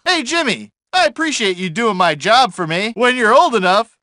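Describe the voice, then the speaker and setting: A man voicing a grumpy, short-tempered mailman in a video game, with gruff, huffy everyman talk. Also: very high-pitched, very animated, normal speed, bright, forceful tone, no echo, studio quality, heavily acted. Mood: cheery. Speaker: game character.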